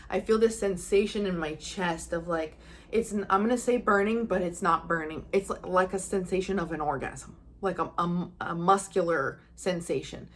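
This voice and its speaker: Her voice is fairly low and moderately paced, with a little hiss or hum audible. A young psychic medium, she tells viewers a personal story casually to camera, earnestly voicing her own thoughts with emotion.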